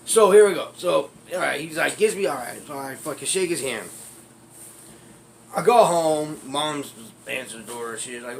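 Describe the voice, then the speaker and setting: A man's voice: on the high side, moderate pace, gravelly, slight background noise. Rambling, profane man telling a story. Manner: rambling, profane, laughs often. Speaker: vlog host telling a personal story. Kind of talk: casual storytelling.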